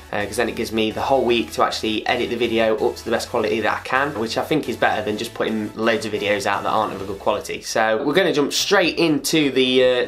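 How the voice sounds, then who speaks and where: A man, chatting casually as a vlogger and swearing freely as he gets excited. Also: medium pitch. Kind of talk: casual chat.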